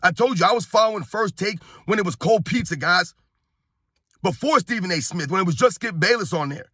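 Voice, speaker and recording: Heated high-voiced man ranting on sports. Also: expressive, brisk, bright, forceful tone, slightly rough, dry recording, studio quality. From New York. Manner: heated, blunt, repeats himself, addresses viewers as guys. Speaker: sports commentary host.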